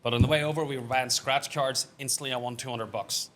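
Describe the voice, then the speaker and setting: A man's voice: medium pitch, fairly even intonation, fast talker, fairly bright tone. A man chatting on a casual podcast in a laid-back way, adding to the group's stories. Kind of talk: casual chat.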